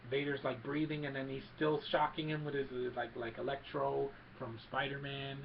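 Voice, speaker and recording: A man recaps a film plot in a rambling, eager way, often restarting his sentences. His voice has a gravelly grain. The recording is dull and lo-fi, with a faint hiss underneath. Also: medium pitch, flat delivery, moderate pace. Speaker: film reviewer. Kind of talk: casual movie recap.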